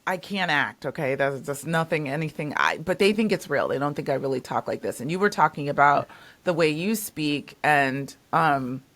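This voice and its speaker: A woman hosting a casual interview, speaking thoughtfully with pauses and fillers. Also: deep voice, lively intonation, fairly bright tone. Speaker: podcast host.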